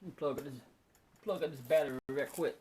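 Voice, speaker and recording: A man doing a casual, unedited news vlog. He reads the headlines haltingly, then drifts into loose, excitable asides. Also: fairly high pitch, a little hiss or hum. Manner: reads news items aloud, then riffs on them excitedly. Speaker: vlogger reading news. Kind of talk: casual unscripted commentary.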